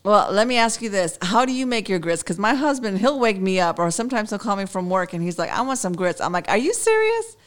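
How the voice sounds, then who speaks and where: A woman's voice: mid-range voice, fast, few pauses. A woman hosting a casual interview, upbeat and friendly in her questions. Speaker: radio host.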